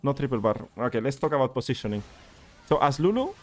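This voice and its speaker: A man's voice: mid-range voice, quick pace. Exasperated male coach. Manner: exasperated, animated critique. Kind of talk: live-streamed gameplay review.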